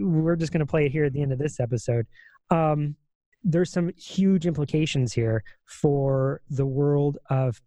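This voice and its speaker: A man's voice: mid-range voice, warm tone, no echo. A man co-hosting a podcast, explaining at length in a casual, rambling way with many fillers and restarts. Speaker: podcast co-host.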